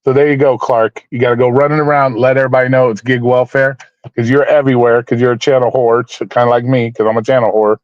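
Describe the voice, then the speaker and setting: A man's voice: mid-range voice, little pitch movement, fast talker, dry recording. A man hosting a casual livestream, rambling, repeating himself and talking to viewers by name, blunt and swearing now and then. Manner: blunt, swears, mock-preachy. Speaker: livestream host. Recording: dull, dry lo-fi sound.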